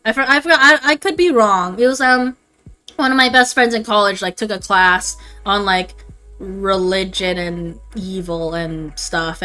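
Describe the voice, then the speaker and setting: A woman's voice: mid-range voice, sharp tone. A young adult woman chatting casually on a livestream, rambling and swearing freely. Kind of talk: casual stream chat.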